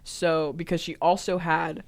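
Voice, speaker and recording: A young adult woman co-hosting a podcast, telling an animated story in casual chat. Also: deep voice, unhurried. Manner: animated storytelling with frequent fillers. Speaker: podcast co-host.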